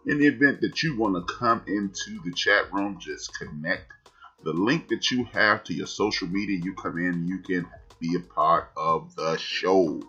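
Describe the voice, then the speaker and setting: A man in his forties hosting a sports talk podcast, emphatic and animated with shout-outs. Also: deep voice, normal speed, husky. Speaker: podcast host. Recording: dull lo-fi sound, faint music.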